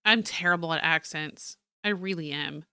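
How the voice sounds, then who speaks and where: A woman's voice: low-pitched, pushed and bright, clear, resonant tone, dry recording, studio quality. An American woman giving casual, self-deprecating commentary while playing a game. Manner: chatty, self-deprecating, quick asides. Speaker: game streamer.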